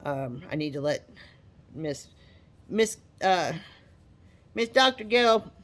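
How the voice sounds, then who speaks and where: A woman's voice: deep voice, takes it slowly. Chatty woman vlogger with a drawl. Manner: chatty, animated, repeats herself. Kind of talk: casual talk to camera.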